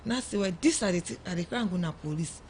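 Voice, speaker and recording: Sierra Leonean Krio-speaking mother, lively telling. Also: on the low side, racing, slight background noise. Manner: animated storytelling, acts out quoted dialogue. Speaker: mother of a young girl, guest. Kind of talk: emotional first-person account on radio. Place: radio studio.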